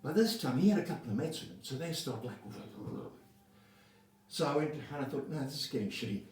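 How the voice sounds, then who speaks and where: Heard through a distant mic with roomy echo and a little hiss or hum, an older man from South Africa speaks in a fairly high voice at a moderate pace. He tells a casual personal anecdote in a rambling, profane, animated way.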